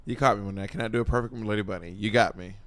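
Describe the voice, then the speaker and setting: A man's voice: on the low side, steady tone, very fast, a bit bright, no room sound. A man co-hosting a podcast, chatting in a campy, teasing way. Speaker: podcast co-host. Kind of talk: casual chat.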